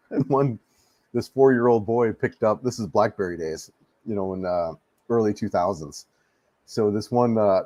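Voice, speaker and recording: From his home in the Philippines, an American man streams live, casually answering viewers while rambling and repeating his words in an easygoing manner. His voice is lowish and darkish in tone, with no room sound, and he adjusts the desk mic.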